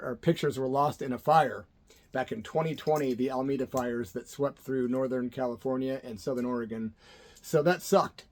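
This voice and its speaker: A middle-aged man from Illinois, hosting his own channel and telling a story in a laid-back, jokey way. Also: a little high. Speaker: channel host. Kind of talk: casual storytelling to camera.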